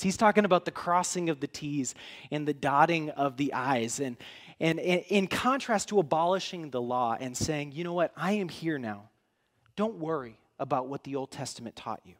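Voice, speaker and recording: Man, pastor, sermon, tired, earnest, halting restarts, slightly high voice. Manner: earnest, halting with many restarts, gets emotional.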